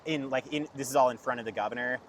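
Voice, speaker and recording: A young man tells a long story in loose, casual chat, packing his sentences with "like". His voice sits at an ordinary middle pitch. Faint traffic noise hums behind him. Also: racing, a bit bright. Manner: rambling storyteller, heavy use of "like". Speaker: podcast guest.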